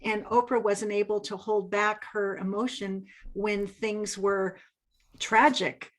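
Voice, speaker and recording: A woman hosting an interview, speaking in an articulate, measured way. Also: medium pitch, steady tone, poor audio. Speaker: podcast host. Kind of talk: conversational interview.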